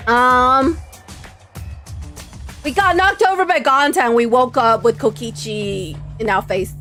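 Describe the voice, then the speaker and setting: High-voiced woman streamer reading game text. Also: a little slow. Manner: animated, dramatic, switches between reading lines and chatting with viewers. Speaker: streamer playing a visual novel. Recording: faint game music behind.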